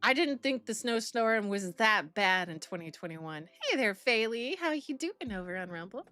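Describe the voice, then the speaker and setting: A woman's voice: fairly high pitch, very animated, moderate pace, pushed and bright, faint music behind. A young adult woman streaming live, chatting casually with her chat in a rambling way and laughing often. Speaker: streamer reacting to videos and reading chat.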